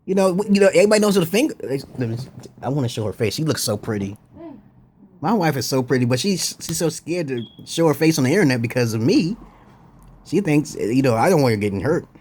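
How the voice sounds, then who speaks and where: A man's voice: fairly high pitch, very animated, quick pace, a little mellow, slight background noise. A man talking to camera in a rambling, crude, boastful monologue, laughing often. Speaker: vlogger.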